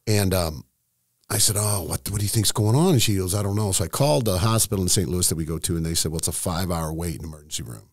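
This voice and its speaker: A middle-aged man with a very low, gravelly voice. He talks candidly and emotionally, stopping and restarting often, and the recording is dry and close. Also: lively intonation, no echo. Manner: emotional, halting, many restarts. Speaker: estate planning seminar host, guest. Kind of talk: candid storytelling in conversation.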